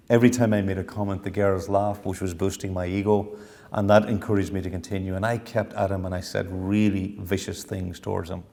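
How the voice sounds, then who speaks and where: A man's voice: deep voice, dark tone. A middle-aged man, telling a personal story in a reflective lecture. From Ireland. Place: university lecture hall. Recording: long hall reverb.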